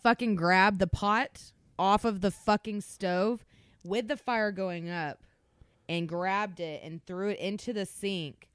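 A young woman on a podcast telling a story in an animated way, swearing constantly. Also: mid-range voice, slow, clean tone, no room sound. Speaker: podcast co-host. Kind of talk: casual storytelling.

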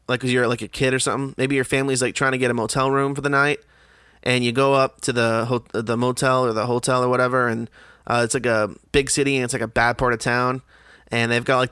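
Podcast host, young man, bright forceful tone, dry close sound, swears a lot, exasperated rambling delivery. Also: mid-range voice, smooth, dry recording. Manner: profane, exasperated storytelling. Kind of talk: casual podcast monologue.

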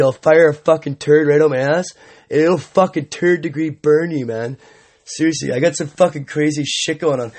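A man riffing alone on his comedy podcast, full of crude swearing and mock bravado. His voice sits a bit high for a man, and he drawls slowly through his rambling bits. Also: a little mellow. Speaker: podcast host.

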